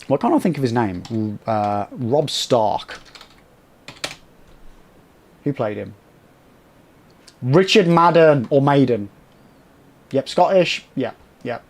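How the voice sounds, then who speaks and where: A man's voice: on the high side, darkish tone. A man livestreaming a game, chatting with viewers and swearing at enemies. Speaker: game streamer. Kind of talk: live gameplay commentary chatting with viewers.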